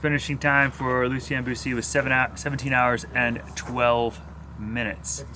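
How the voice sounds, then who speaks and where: A man who races bikes, talking in a steady, plain-spoken way on a cycling vlog. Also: medium pitch, moderate pace, a little hiss or hum. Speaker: professional cyclist. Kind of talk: casual vlog talk.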